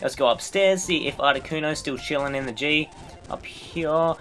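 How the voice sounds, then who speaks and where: A man's voice: on the high side, moderate pace, a bit bright, soft background music. A man hosting a video game playthrough with goofy, rambling, joking commentary. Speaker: let's play host. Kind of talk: casual gameplay commentary.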